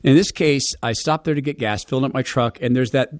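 A middle-aged man hosting a radio show, telling a personal story to his listeners in an earnest, heartfelt, conversational way with quick restarts. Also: medium pitch, dry recording, clean studio sound. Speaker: radio and podcast host.

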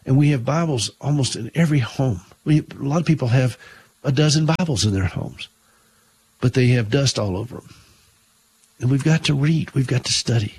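A man's voice: mid-range voice, normal speed, darkish tone, husky. A middle-aged man hosting a Christian radio talk show, telling stories and preaching earnestly, often repeating words when emphatic.

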